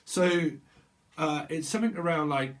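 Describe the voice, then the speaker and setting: A man's voice: a little high, normal speed, fairly bright tone. Rambling man reading tarot. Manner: rambling, playful wordplay, laughs often. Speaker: tarot reader. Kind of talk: casual tarot reading vlog.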